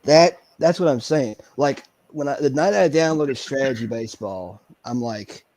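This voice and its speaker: A man talking as a podcast guest in casual chat, halting and searching for words as he explains things. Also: mid-range voice, a little mellow.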